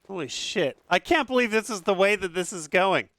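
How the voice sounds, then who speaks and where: Excitable, swearing man streaming a game. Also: high-pitched, fairly quick, no echo. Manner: excitable, profane, laughs often. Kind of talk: casual gaming stream commentary. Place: upstairs room at home.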